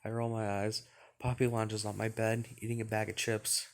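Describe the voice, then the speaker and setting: A man hosting a let's play, reading a visual novel's narration aloud in an even, relaxed way with light asides. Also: on the low side, moderate pace.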